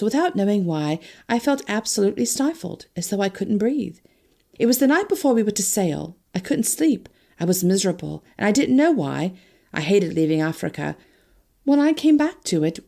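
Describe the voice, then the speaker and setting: A woman narrating an audiobook in an expressive storytelling manner. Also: mid-range voice.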